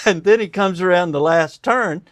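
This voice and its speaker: This older male doctor, a guest in the conversation, has a voice that sits high and a measured pace. He brings his stories to life by acting out each quoted voice, even tearing up. Studio quality, with no room sound.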